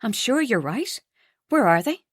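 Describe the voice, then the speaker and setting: A woman narrator voicing a warm, earnest young heroine with an emotional, bright delivery. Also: on the high side, very animated, moderate pace, slightly rough, no echo, clean studio sound.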